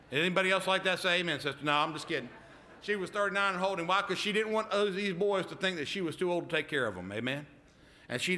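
Bright-voiced preacher man. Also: fairly high pitch. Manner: emphatic call-and-response, repeated "amen?". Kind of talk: sermon.

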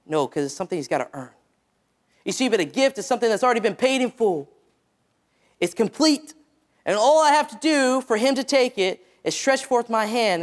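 A squeaky-voiced man delivers an evangelistic sermon, elongating key phrases and letting them trail down low at their close.

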